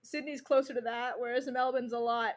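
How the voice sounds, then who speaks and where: A woman's voice: a little high, steady tone, brisk. A woman co-hosting a podcast, rambling casually with lots of fillers. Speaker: podcast co-host. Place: home, recorded remotely.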